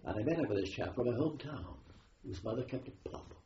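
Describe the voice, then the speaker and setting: A man's voice: medium pitch, animated, quick pace, mellow. An older man from Wales with a Welsh accent, a war veteran rambling through his memories with many ums and restarts. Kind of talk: oral history recollection. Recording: dull roomy tape with faint hiss.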